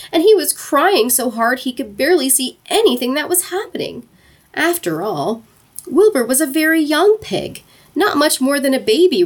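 A woman narrating a children's storybook aloud in an expressive, playful way. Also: medium pitch.

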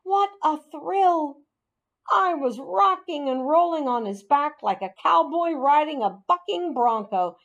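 A woman reading a children's storybook aloud in an expressive, animated way. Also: high-pitched, measured pace, hardly any pauses, muffled recording. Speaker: narrator.

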